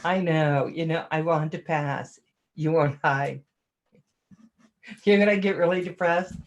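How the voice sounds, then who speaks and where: A woman's voice: low voice, a little slow, highs cut off. A woman hosting a casual livestream, chatting and self-deprecating as she greets viewers by name and laughs often. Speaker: livestream host reading chat.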